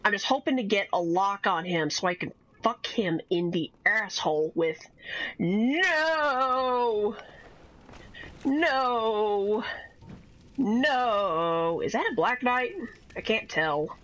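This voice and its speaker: A woman's voice: lowish voice, animated, moderate pace, fairly bright tone, muffled recording. A young woman streaming a game, rambling and swearing as she chats through her play. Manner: rambling, swears often, swings from chatty to exasperated outbursts. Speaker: gaming streamer. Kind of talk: casual gameplay commentary.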